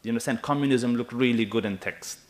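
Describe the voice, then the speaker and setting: A man in his thirties preaching a sermon in an animated, emphatic way, often checking with his listeners. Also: medium pitch, fast. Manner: animated and emphatic, with asides to the audience.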